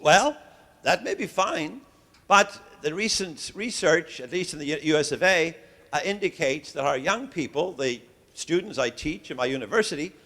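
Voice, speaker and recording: An Irish man in the role of a visiting professor gives a lecture to a hall of religious educators. He is genial and likes to joke, and he often pauses with an "uh." His voice sits a little higher than most men's. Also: expressive, fairly bright tone. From Ireland. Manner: genial and joking, with frequent "uh" hesitations. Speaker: visiting professor giving a keynote.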